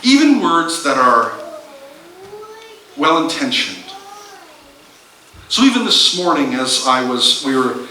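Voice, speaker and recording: A man's voice: medium pitch, very animated, slow, long pauses, bright, forceful tone, a little hiss or hum. A male pastor telling a humorous personal story in a sermon, poking fun at himself, with many restarts. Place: church sanctuary. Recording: roomy church sound from a distance.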